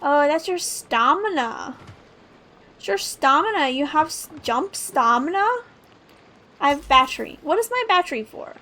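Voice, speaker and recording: A woman's voice: high-pitched, animated, a little slow, pushed and bright. A young woman casually chatting and joking while playing a game on a live stream. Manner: chatty, playful, giggly asides.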